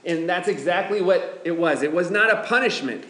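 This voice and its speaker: Male pastor, slightly high voice, reflective sermon delivery with emphatic repeats, roomy echo. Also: bright, forceful tone. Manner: slow, reflective, emphatic repetition. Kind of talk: scripture reading and sermon.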